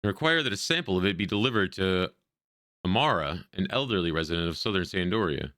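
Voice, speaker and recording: A man's voice: deep voice, lively intonation, fast talker, pushed and bright, no echo, clean studio sound. A man voicing a busy, long-winded male chef in a role-playing game, reading his stiff, formal lines aloud.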